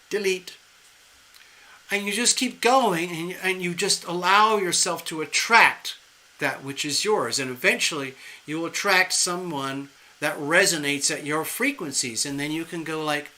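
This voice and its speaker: Tarot reader on a live stream; a man with a bright, fairly high voice, chatty and animated. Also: a little slow, slight background noise, rough recording. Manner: animated, chatty, conversational and playful.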